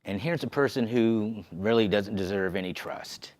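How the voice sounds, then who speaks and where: A man sharing an emotional personal testimony, halting and restarting as he talks. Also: lowish voice, darkish tone. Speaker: podcast host sharing his story. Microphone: on camera.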